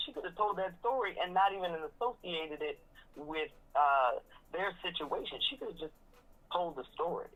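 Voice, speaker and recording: A woman in a casual recap chat about a reality show, sassy and animated, slipping into mocking impressions. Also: on the low side, normal speed, low-quality recording. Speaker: reality TV commentator.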